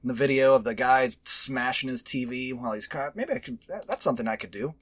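A man hosting a podcast in casual chat, rambling, animated and profane. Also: mid-range voice, brisk, no echo. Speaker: podcast host.

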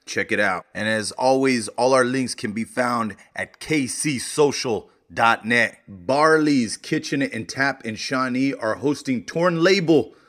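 A man hosting a casual local podcast, chatting through sponsor plugs and upcoming events in a relaxed, easygoing way. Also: medium pitch, a little slow, hardly any pauses. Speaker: podcast host. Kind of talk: casual podcast intro and shout-outs. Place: beer hall.

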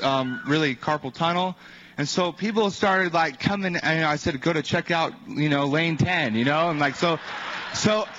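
A man tells a testimony in loose, casual speech, stumbling over fillers and slipping into the voices of the people in his story. His voice sits a little higher than most men's. The recording is muffled and lo-fi. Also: fairly bright tone. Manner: rambling storyteller with many fillers and acted-out quotes. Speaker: evangelist sharing a testimony. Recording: dull lo-fi recording.

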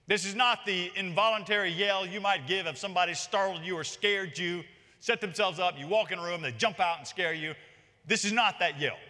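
A pastor preaching in a large church with long echoing reverb, his voice forceful and bright and pitched a little high. He drives his points home emphatically and climbs higher whenever he stresses something. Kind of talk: expository sermon.

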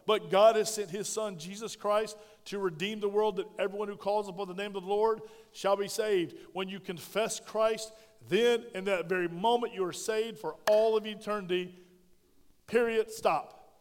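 A man preaching a sermon as pastor, animated and conversational. He questions his congregation directly and swings between loud emphasis and hushed, intimate tones. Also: high voice, moderate pace. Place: church sanctuary. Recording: long hall reverb.

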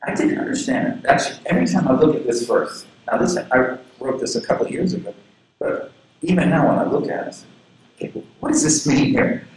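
A man from southern Florida preaching a sermon as a pastor, telling personal stories in an earnest way. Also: fairly quick. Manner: earnest, personal storytelling with lively pitch swings. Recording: very echoey room with faint background noise.

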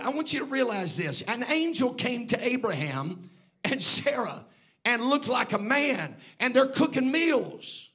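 A man with a high, husky voice preaches in a church. His delivery moves from quiet, conversational storytelling up to ringing shouts. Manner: dynamic preaching, swings from hushed storytelling to shouting. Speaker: pastor. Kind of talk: sermon.

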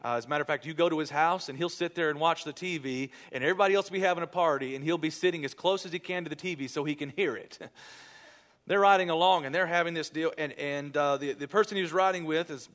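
A man preaching a sermon in church, leading a hushed prayer and telling a family story with lively quoted voices. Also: on the high side, quick pace. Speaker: pastor.

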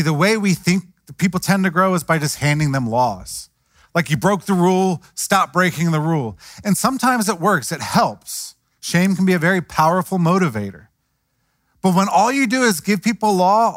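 A man's voice: sits high, animated, normal speed, no echo, studio quality. A man preaching a sermon in a conversational way, acting out the voices of the people he quotes. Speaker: pastor.

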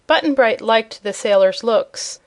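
A woman narrating a storybook chapter in an even, clear storytelling manner. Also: a little high, a little slow. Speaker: audiobook narrator.

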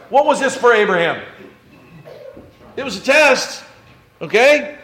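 Guy preaching a sermon, kinda high voice, chatty, lots of questions to the room. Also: expressive, normal speed, long pauses, bright, forceful tone, soft background music. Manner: conversational preaching, rhetorical questions, repeated restarts. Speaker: pastor.

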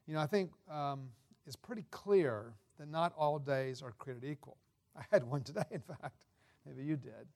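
A man in his sixties giving a sermon full of personal stories, folksy and unhurried with fillers and restarts. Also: medium pitch. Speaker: guest preacher.

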